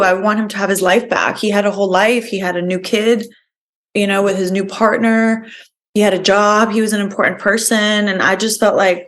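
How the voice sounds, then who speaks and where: A young woman speaks as a podcast guest, recounting her own past with earnest feeling. She talks in a loose, rambling way, filling her sentences with "like" and "you know". Her voice sits at an ordinary middle pitch for a woman. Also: fairly even intonation, normal speed, fairly bright tone. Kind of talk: personal storytelling in an interview.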